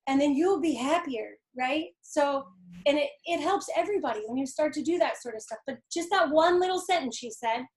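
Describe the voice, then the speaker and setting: Brief: woman, high bright voice, earnest and encouraging, interview guest telling stories. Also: fairly quick. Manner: earnest, encouraging, acts out quotes. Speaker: guest artist and painting teacher. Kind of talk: conversational interview.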